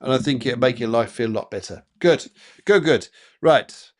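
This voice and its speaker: A man's voice: mid-range voice, normal speed. A man working as a psychic medium, giving rambling, chatty live card readings with lots of fillers and repeated phrases.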